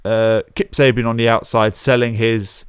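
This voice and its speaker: A man's voice: mid-range voice, flat delivery, moderate pace, clear, resonant tone, dry recording, studio quality. A man co-hosting a wrestling podcast in a laid-back casual chat. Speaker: podcast co-host.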